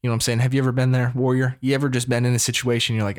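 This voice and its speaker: A man in his thirties from the United States, telling a story casually in an animated, preacher-like way. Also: medium pitch, rapid-fire. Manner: animated, preacher-like call-and-response.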